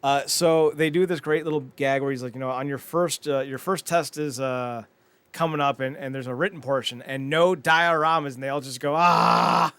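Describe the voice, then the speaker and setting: A man co-hosting a casual talk show, animated and swearing, acting out scenes as he recaps them. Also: medium pitch, fairly quick, clean tone, no room sound. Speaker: podcast co-host.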